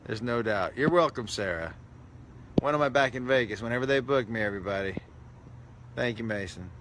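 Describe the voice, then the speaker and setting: A man's voice: medium pitch, fairly quick, noisy background. A man, a comedian, chatting casually on a live stream, reading comments with self-mocking, mock-indignant jokes.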